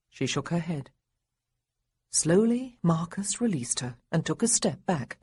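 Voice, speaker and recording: Female audiobook narrator, husky and breathy, animated delivery, dry booth sound. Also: low voice, measured pace, no room sound. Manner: expressive, lively character dialogue.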